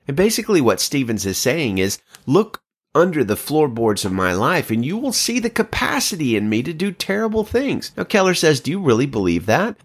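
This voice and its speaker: A man preaching a sermon, reading scripture and retelling stories with emphatic, animated delivery. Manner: animated, emphatic preaching with sudden pitch jumps. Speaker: pastor.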